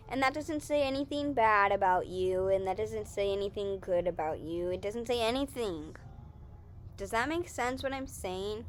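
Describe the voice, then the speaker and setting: A woman's voice: medium pitch, normal speed, slight background noise. A young woman casually chatting in a Q&A vlog, rambling and self-correcting as she talks. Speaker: vlogger.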